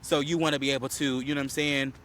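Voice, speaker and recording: A man's voice: mid-range voice, fast talker. A man co-hosting a podcast, casually recapping a reality show, acting out quotes with lots of fillers and a slight cough. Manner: animated storyteller, acts out quotes, many fillers. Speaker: podcast co-host.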